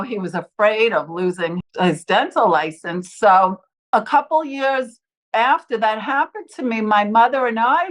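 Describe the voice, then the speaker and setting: Woman, earnest personal storytelling, bright higher voice, lively acted-out quotes. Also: low-quality recording. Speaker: near-death experience storyteller. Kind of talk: personal testimony, told in her own words.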